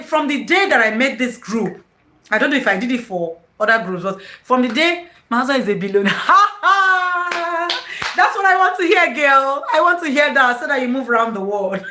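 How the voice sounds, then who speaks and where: A woman with a Nigerian English accent hosting her own live stream in casual chat, excitable and effusive, laughing often. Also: fairly high pitch, roomy sound.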